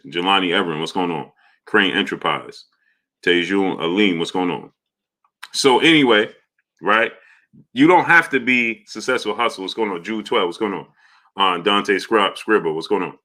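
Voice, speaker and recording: A man's voice: on the low side, bright, forceful tone. A man hosting a live boxing stream, arguing his points and greeting chat viewers by name. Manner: argumentative, repeats points. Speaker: boxing show host.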